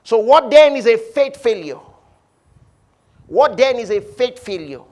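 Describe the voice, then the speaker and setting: A man preaching a sermon, shouting one moment and dropping low the next, leading his congregation to repeat phrases. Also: animated, a little slow. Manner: preaching with swings from shouting to quiet, leading call-and-response. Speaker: pastor.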